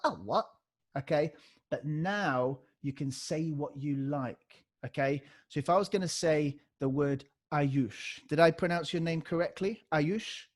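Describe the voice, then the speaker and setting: Man, slightly high voice, upbeat beatbox teacher on a video call demoing scratch sounds. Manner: energetic, demonstrates vocal scratch sounds. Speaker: beatbox workshop leader. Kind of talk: live online workshop teaching.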